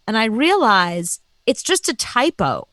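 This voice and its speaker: Woman, radio co-host, casual chat, animated, laughs easily, lively pitch, dry close sound. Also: unhurried, dry recording.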